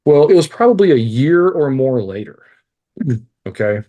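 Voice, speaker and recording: The sound is lo-fi as a life coach in his forties, a podcast guest, tells a personal story in a medium-pitched voice at a measured pace. Candid and animated, he swears freely and pokes fun at himself.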